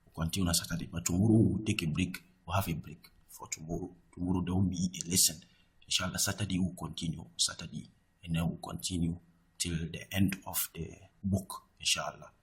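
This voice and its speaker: A man teaching an Arabic grammar lesson, talking patiently, repeating each point and slowing down to recite Arabic text. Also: low voice, fairly even intonation. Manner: slows down for Arabic quotations. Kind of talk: recorded online lesson.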